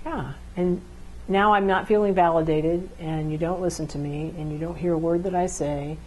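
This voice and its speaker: A woman's voice: fairly low pitch, fairly even intonation, darkish tone, husky, low-quality recording. Woman speaking on couples communication. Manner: conversational, acts out quick role-play exchanges. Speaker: relationship speaker.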